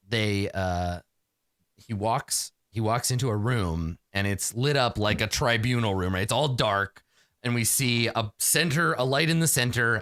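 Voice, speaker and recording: A man narrating as game master in a rambling, animated storytelling way, full of fillers and restarts. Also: fairly low pitch, no echo.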